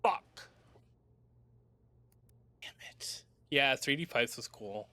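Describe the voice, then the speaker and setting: A man's voice: medium pitch, animated, drawn-out words, pushed and bright, dry recording. Rambling, swearing young gamer guy. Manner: rambling, swears often, mutters to himself. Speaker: streamer playing a video game. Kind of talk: casual let's-play commentary. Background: game music.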